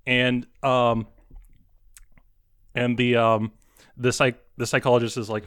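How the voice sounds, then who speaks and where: A man narrating a tabletop horror game as game master, halting with many pauses and restarts. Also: medium pitch, a bit bright.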